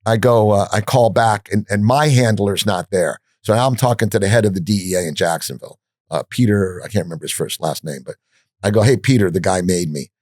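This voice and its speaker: Blunt, low-voiced man spinning a profane tale. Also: dry recording, clean studio sound. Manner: blunt, profane, animated storytelling with frequent restarts. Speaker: podcast guest. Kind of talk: storytelling in a podcast interview.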